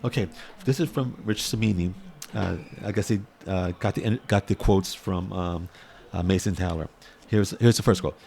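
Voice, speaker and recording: A man giving casual, excitable sports commentary in a vlog, rambling and repeating his words as he gets worked up. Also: low voice, normal speed, vocal fry, a little hiss or hum.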